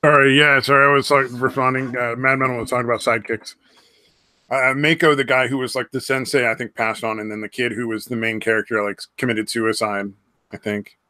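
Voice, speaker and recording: Casual podcast host, male; bright, forward tone, rambling, swears a lot. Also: medium pitch, level tone, brisk, no echo. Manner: rambling, swears freely, trails off. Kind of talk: casual chat.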